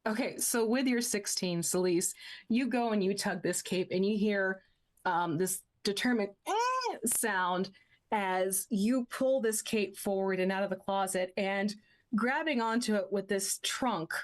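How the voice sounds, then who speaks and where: A woman game master narrating a tabletop game in a lively, descriptive, playful way. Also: mid-range voice, unhurried.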